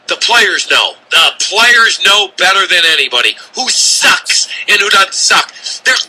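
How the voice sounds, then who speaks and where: High, bright-voiced ranting radio host man. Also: a little hiss or hum, poor audio. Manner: ranting, shouting, exasperated. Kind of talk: sports talk radio rant. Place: radio studio.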